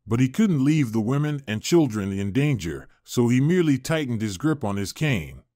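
A man narrating a scripted drama story with an expressive delivery. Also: mid-range voice, moderate pace, no room sound, clean studio sound.

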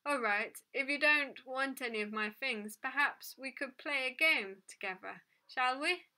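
A woman's voice: high-pitched, unhurried, sharp tone, heavily acted. A woman doing a polite little girl. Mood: polite, gentle. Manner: polite, curious.

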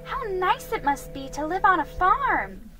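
A woman's voice: very high-pitched, sing-song, a little slow, bright, forceful tone, voice pushed up, heavily acted. A woman voicing a sweet, eager young woman, curious and chatty, read over background music.

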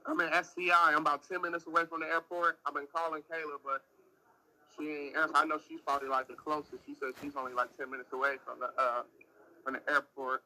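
A man from the United States chats on a phone livestream from a spot near an airport. His voice sits a bit high and very bright, with a sharp, cutting edge. He rambles and swears, sounding exasperated the whole way through. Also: level tone, fast, poor audio. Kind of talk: casual livestream chat.

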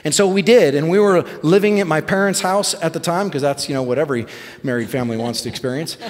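A middle-aged male pastor telling a story in a sermon, animated and self-deprecating. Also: on the high side, quick pace, long reverb tail. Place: church sanctuary.

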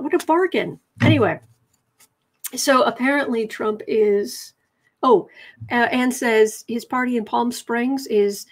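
Woman doing a tarot livestream, reads out comments, rambly chatty, bit high pitched. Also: a little hiss or hum. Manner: chatty and rambling, self-correcting, mock-apologetic. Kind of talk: casual livestream chat reading comments.

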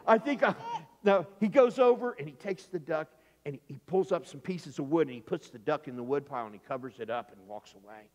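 A man preaching a children's sermon with a lively, storytelling manner, slipping into the voices of the people in the story. His voice sits high for a man. The sound carries the long reverb of a church sanctuary. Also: a little fast. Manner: animated, playful, acts out the story's voices. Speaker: pastor.

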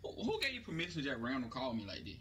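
A man calls out suspiciously over a game voice chat, his pitch leaping wildly. He sounds far from the mic, buried under heavy background noise. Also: huge pitch swings, very fast. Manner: suspicious, loud, laughing. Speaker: gaming teammate. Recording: distant noisy voice chat.

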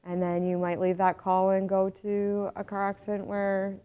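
A woman's voice: mid-range voice, completely flat delivery, moderate pace, clean tone. A woman paramedic speaking candidly and matter-of-factly in a documentary interview. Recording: slightly dull audio with faint music behind.

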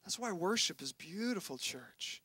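A male pastor preaches a passionate sermon in a very high, bright voice. He swings from ringing emphasis down to hushed, intense asides. The sound is dry and close. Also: sing-song, unhurried, breathy edge, no echo. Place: church.

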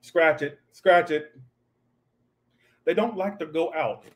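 A man's voice: on the high side, slow. A man doing a casual livestream tarot reading, talking in a snappy, profane, ranting way. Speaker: tarot reader.

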